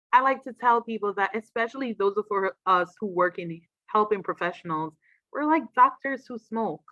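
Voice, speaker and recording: A woman, a trauma expert, giving an animated, casual talk on a livestream and acting out quoted voices. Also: a little high, dry recording, dull audio.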